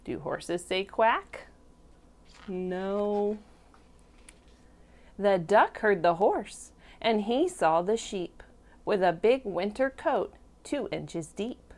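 A woman teacher reading a picture book to toddlers, slow and expressive, stopping to ask the children questions. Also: medium pitch. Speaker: preschool teacher. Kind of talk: storybook read-aloud for toddlers.

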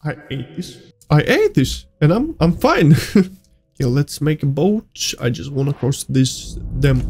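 Excitable high-voiced man playing a horror game. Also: measured pace. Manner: excitable, yelps and laughs, non-native phrasing. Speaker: gaming YouTuber. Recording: faint music behind.

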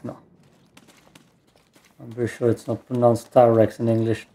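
A man's voice: medium pitch, flat delivery, a little slow, warm tone. A man with a German accent, a native German speaker, giving rambling, self-mocking let's play commentary and cursing at the game. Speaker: gamer.

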